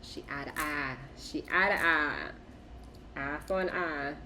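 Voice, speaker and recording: A woman's voice: low-pitched, slow pace, bright, forceful tone, a little hiss or hum. A woman giving a casual spoken tarot reading, talking emphatically and profanely, repeating short phrases for punch. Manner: emphatic, repetitive, profane, punctuated by laughter. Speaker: tarot reader.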